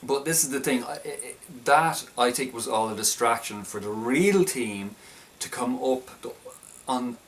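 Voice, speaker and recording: A man's voice: mid-range voice, measured pace, hardly any pauses, a bit bright, far from the mic. A man casually reviewing a film, talking in a hesitant, stop-start way with many restarts.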